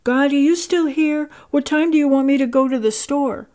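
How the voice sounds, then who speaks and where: A woman voicing an earnest young male artist who pleads and exclaims in a raised, excited voice. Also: moderate pace, natural voice. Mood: anxious. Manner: excited, pleading, rising pitch.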